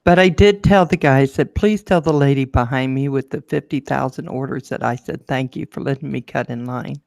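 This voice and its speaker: A woman co-hosting a casual chat show, telling a lively story and acting out the people in it. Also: brisk, creaky, dry recording, studio quality. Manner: lively storyteller, acts out quotes in a high voice. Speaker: show co-host.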